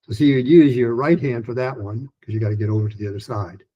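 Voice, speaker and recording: A man teaching pronunciation in a recorded lesson, chatty and full of restarts, who breaks into lively, higher-pitched drills of practice sentences. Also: quick pace, highs cut off. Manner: chatty, with many restarts and fillers.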